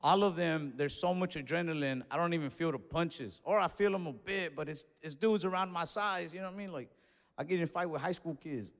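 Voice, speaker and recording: A young man doing stand-up comedy, telling a story in casual slangy talk and breaking into loud acted-out yells. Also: a little high, a little fast. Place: comedy stage in a large venue. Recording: live show in a reverberant hall with audience.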